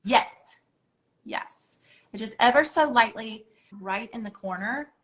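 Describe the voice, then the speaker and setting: A woman's voice: a little high, takes it slowly, a bit bright, low-quality recording. A woman teaching a makeup lesson, coaching step by step in an encouraging, hands-on way with casual filler words. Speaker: makeup instructor. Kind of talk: instructional makeup tutorial.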